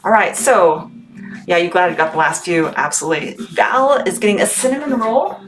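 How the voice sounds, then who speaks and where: A woman's voice: fairly low pitch, expressive, brisk. A chatty, bubbly woman who laughs often, running a casual live sales stream for her small family business while packing orders. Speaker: small business owner selling on a livestream. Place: home workspace packing orders. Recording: background noise with clicks.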